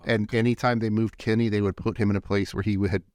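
A man's voice: lowish voice, flat delivery, quick pace, darkish tone, no room sound. A man co-hosting a podcast, telling a rambling story in casual chat and laughing often at himself. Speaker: podcast co-host.

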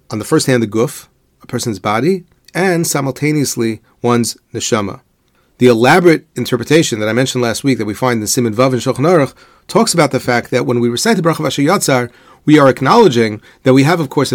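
Guy teaching a torah class, steady mid voice, quotes, dry close sound. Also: mid-range voice, dry recording. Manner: measured explanatory delivery, posing rhetorical questions; weaves Hebrew quotations into English. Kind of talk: religious lecture.

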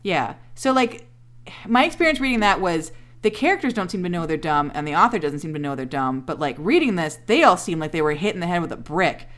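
A woman's voice: on the low side, expressive, brisk, fairly bright tone. A woman co-hosting a podcast, recapping a TV episode in casual, sarcastic chat, swearing and acting out the characters' lines. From Canada. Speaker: podcast co-host.

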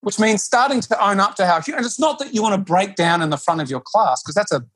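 A man who teaches yoga, speaking in a relaxed conversation and often restarting his sentences or acting out quotes. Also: sits high, fast talker, husky. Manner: animated, with frequent restarts and acted-out quotes. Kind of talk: casual conversation.

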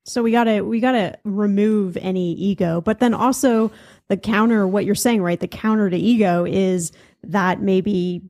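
A woman hosts the interview with a mellow, mid-range voice. She affirms what her guest says and restates his points in her own words. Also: medium pitch, steady tone, moderate pace. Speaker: podcast host. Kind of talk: casual podcast interview.

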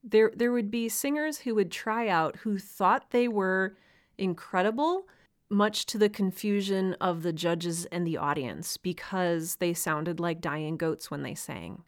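A woman hosts a solo podcast for writers, speaking earnestly and encouragingly with an occasional light laugh. Her voice is on the low side and unhurried.

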